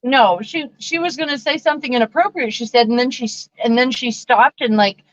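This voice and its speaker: A woman's voice: sits high, a little fast, lo-fi sound. A woman co-hosting a casual crafting livestream, playful and giggly as she chats and reads comments. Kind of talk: casual chat while crafting.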